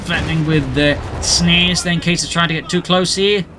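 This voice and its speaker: A man giving brisk play-by-play commentary on a video game match, with dry jokey asides. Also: a little high, steady tone, background noise.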